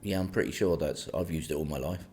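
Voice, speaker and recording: A man's voice: very deep voice, fairly even intonation, quick pace, darkish tone. A man co-hosting a casual podcast chat, with a dry, pedantic, playfully argumentative manner. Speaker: podcast co-host.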